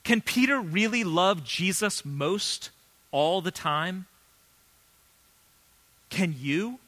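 A pastor delivers his sermon in an earnest, conversational style, leaning on emphatic pauses. His voice is bright and forceful and sits a little high for a man. He sounds like he is in his thirties.

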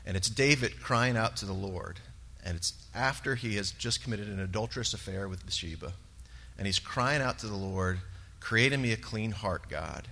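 A man's voice, on the low side with vocal fry and a bright, forceful tone, rings through the long reverb of a large church sanctuary. He is a church member giving personal testimony, earnest and halting, with fillers along the way.

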